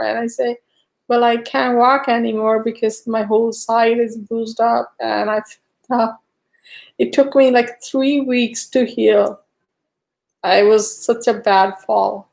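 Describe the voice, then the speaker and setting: A woman's voice: vocal fry, a little mellow. A woman chatting casually on a live stream, telling a rambling story full of fillers. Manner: high cooing baby talk to her dog.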